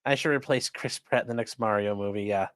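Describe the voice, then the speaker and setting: A man's voice: lowish voice, fast talker, clear, resonant tone, no echo, clean studio sound. A man hosting a live-streamed legal news show, giving sarcastic, rambling commentary and talking to his chat. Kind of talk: casual livestream commentary.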